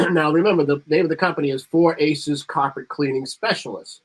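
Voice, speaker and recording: A man's voice: a little high, a little fast, husky. A man on a marketing panel talking casually and rambling, reading bits of ad copy aloud with extra emphasis. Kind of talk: casual chat.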